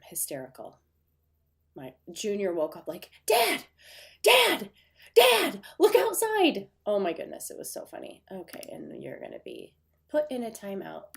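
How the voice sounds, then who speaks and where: A woman's voice: on the low side, warm tone. A woman with a Midwestern accent and a nasal, stuffy voice, chatting casually with viewers as host of her livestream from her desk at home. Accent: Midwestern American. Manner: chatty, rambling with fillers. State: stuffy runny nose.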